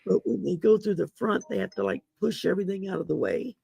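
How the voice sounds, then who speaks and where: A woman hosting a casual livestream chat, her voice growly from damaged vocal cords, rambling and halting with many fillers. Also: mid-range voice, vocal fry, dark tone, breathy edge, no room sound. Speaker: host.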